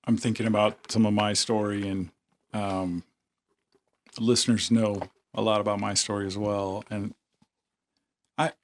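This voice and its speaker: A man hosting a podcast, asking slow, thoughtful questions with halting phrasing. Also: on the low side, little pitch movement, slight background noise. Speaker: podcast host. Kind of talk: reflective interview questions.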